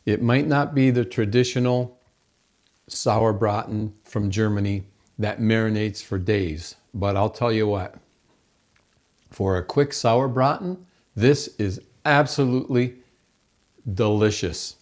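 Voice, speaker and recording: A man with a fairly low voice hosts a home cooking demonstration in his kitchen. He speaks slowly and unhurriedly, exclaiming over the food and chatting to viewers as folks. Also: a little mellow. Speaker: cooking show host.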